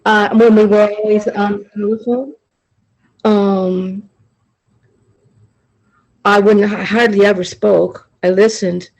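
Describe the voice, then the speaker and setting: A woman sharing personally in a group video call, talking in a halting, rambling way with many restarts, emotional and confessional. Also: mid-range voice, flat delivery, darkish tone, low-quality recording. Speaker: study group member sharing.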